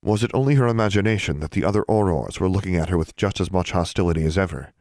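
A man narrating an audiobook chapter in an even, steady storytelling manner. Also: low voice, fast talker, no room sound, studio quality. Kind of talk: scripted narration.

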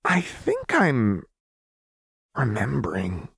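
A man voicing an erratic, unhinged young woman who speaks with eerie calm and sudden jumps in pitch. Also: takes it slowly, vocal fry, husky, dry recording, studio quality, exaggerated voice. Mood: eerily calm. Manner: jumpy, swinging pitch.

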